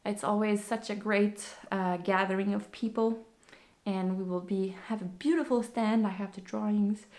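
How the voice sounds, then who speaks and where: She has a mid-range, slightly mellow voice with a steady tone and moderate pace. Hosting her podcast, she chats casually and breathlessly, rambling with frequent fillers and fresh starts.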